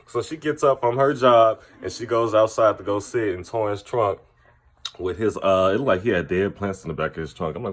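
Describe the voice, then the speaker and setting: A man's voice: fairly low pitch, animated, moderate pace. A man recapping a reality TV episode to camera, blunt and profane in an opinionated, casual way. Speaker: TV recap commentator.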